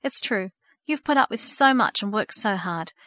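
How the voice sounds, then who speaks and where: Woman reading a gentle, thoughtful teen girl, audiobook, dry. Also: medium pitch, animated, normal speed, no echo, close to an everyday voice. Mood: reassuring. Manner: gentle, hesitant.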